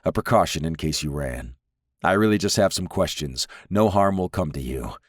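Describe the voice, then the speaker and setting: A narrator giving voice to a calm, steely alien inspector in an audiobook, pitched very low and kept soft. He speaks in short, unhurried, clipped lines, in a dry, close recording. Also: slightly rough, dry recording.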